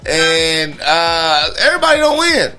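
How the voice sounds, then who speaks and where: A man's voice: fairly high pitch, big pitch swings, unhurried, pushed and bright, soft background music. A man talking as a podcast guest, ranting profanely and laughing in casual chat.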